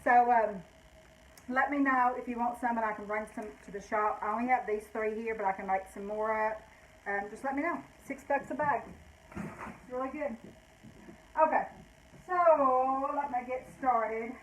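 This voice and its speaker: A woman's voice: a little high, moderate pace, slight background noise, low-quality recording. An older woman, out of breath, chatting casually as she shows items from her vintage shop and rambles, correcting herself along the way. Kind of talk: casual live sale talk.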